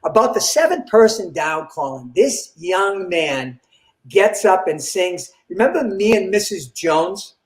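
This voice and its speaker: An older man, a comedian guest, telling an animated story in an interview and acting out the dialogue. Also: high-pitched, unhurried. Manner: animated, acts out quoted dialogue. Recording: roomy echo.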